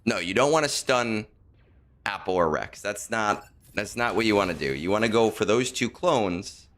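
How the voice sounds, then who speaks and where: His voice is lowish and fairly bright, animated at a moderate pace, as he streams a video game. Talking casually to viewers, he mumbles to himself and keeps correcting himself while planning his plays.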